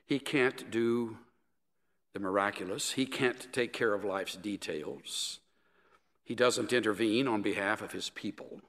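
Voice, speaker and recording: A man voicing a gentle, wise elderly male seminary professor, speaking kindly and unhurriedly. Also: lowish voice, measured pace. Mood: gentle, earnest. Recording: echoey hall.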